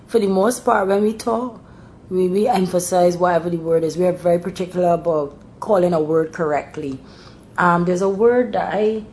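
A woman's voice: on the low side, a little hiss or hum. Barbadian woman explaining in a roomy space. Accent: Bajan (Barbadian). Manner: explains patiently, bursts brighter when mimicking local speech. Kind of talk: casual explanatory chat. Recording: roomy echo.

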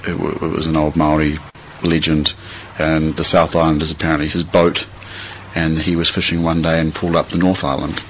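This is a young man with a New Zealand accent and a very deep voice that hardly rises or falls. He talks in a relaxed, rambling way, full of ums and half-started phrases. A light hiss sits under the recording. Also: a little fast, poor audio. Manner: relaxed, rambling, many fillers and restarts. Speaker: interviewee. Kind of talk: reading a passage, then casual chat.

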